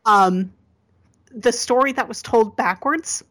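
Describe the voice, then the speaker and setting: A woman chatting casually as a podcast guest, laughing often and dropping quick asides. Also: fairly high pitch, a bit bright. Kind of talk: casual chat.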